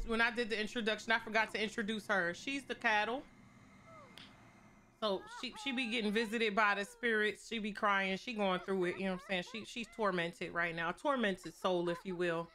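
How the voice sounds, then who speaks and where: A young woman streams a life-sim game and jokes with her chat in a playful, slangy, casual way, giving offhand gameplay commentary. Her mid-range voice is bright with a forceful tone, and there's slight background noise.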